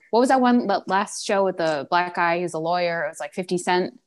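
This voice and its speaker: A woman's voice: on the low side, a little fast. A woman co-hosting a podcast in casual chat, opinionated and emphatic. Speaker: podcast co-host.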